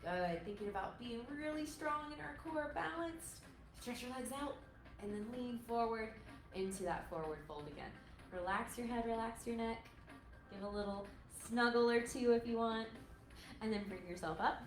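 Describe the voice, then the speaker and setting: A woman's voice: a little high, moderate pace, faint music behind. Upbeat woman guiding a stretch class. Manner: upbeat, encouraging cues. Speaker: yoga instructor. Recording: echoey room with faint noise.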